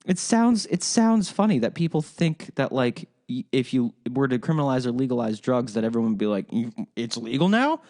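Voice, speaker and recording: A man's voice: mid-range voice, big pitch swings, fairly quick, few pauses, a little mellow. A man hosting a solo podcast, ranting in a rambling, profane way with frequent restarts. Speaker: podcast host.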